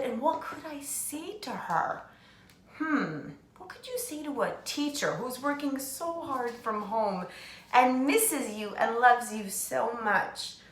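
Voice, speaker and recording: Woman teacher for a kids' video lesson, slow and sing-song, spells words aloud, echoey home room. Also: on the high side, fairly bright tone. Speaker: teacher reading to children. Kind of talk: remote lesson for young children.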